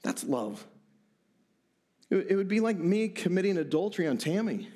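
A middle-aged man preaching a sermon as pastor, animated, stumbling over repeated words in quick bursts. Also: high voice.

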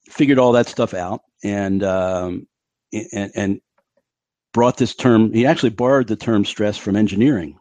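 A man's voice: lowish voice, a little mellow, no room sound. A middle-aged man, a physician guest on a podcast, explaining his ideas in an emphatic, blunt, conversational way and acting out what others said. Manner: emphatic, blunt explainer who acts out quotes.

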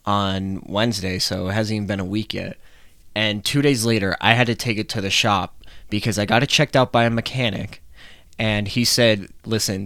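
A man's voice: on the low side, a bit bright, dry recording. A young man hosting his own podcast, talking casually in a rambling, chatty way and swearing offhandedly. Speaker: podcast host. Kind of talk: casual solo podcast talk.

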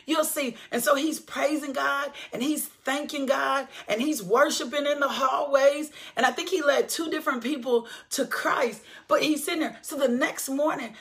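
A woman's voice: high-pitched, fairly bright tone. A woman preaching a sermon testimony with passion, repeating her phrases and calling out to the listeners.

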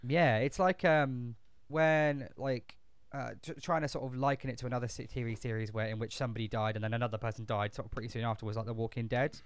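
A man's voice: medium pitch, fairly even intonation, fast, hardly any pauses, smooth. A man chatting casually as a podcast co-host, rambling with lots of swearing, fillers and restarts. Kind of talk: casual chat.

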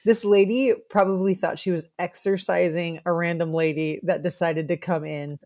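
A woman's voice: on the low side, steady tone, moderate pace, darkish tone. Playful woman podcast co-host. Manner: playful, teasing. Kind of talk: casual chat.

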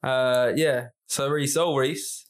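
A man's voice: medium pitch, fairly even intonation, takes it slowly. A man co-hosting a podcast, rambling and joking in a stop-start way. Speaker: podcast co-host. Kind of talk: casual chat.

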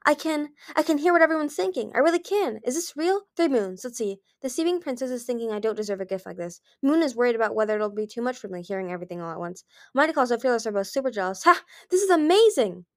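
Brief: high, excitable young girl dragon, a bit smug, done by a woman. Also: racing, hardly any pauses, no echo, clean studio sound. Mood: thrilled. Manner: gushing, breathless excitement.

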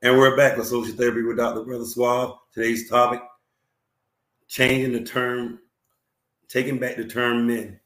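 A hoarse male talk show host with a lingering cough, speaking earnestly to viewers, repeating himself and using many fillers. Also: medium pitch, level tone, normal speed, long pauses, a bit bright, reverberant, soft background music. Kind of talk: live-stream talk show, reading viewer comments.

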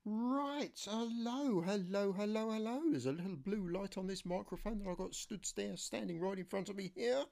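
A man's voice: high-pitched, normal speed, gravelly, hardly any pauses, a little mellow. A man hosting his own casual home radio show on a new condenser mic, chatty and jokey. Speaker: amateur radio show host. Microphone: new USB condenser mic.

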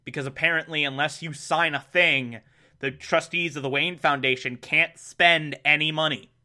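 A man voicing a scheming male villain who threatens to take a hostage, speaking low and muttered. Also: fairly even intonation, normal speed, sharp tone. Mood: menacing.

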